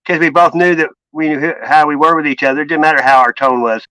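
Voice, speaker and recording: A man's voice: a little high, fast talker, sharp tone, dry recording, low-quality recording. A man hosting a live stream in casual chat, telling rambling stories with plenty of swearing. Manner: rambling, profane storytelling. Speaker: stream host.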